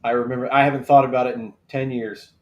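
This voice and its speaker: A man's voice: mid-range voice, level tone, quick pace, lo-fi sound. A man hosting a casual live draft show, joking and rambling, reading things out as he looks them up. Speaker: host.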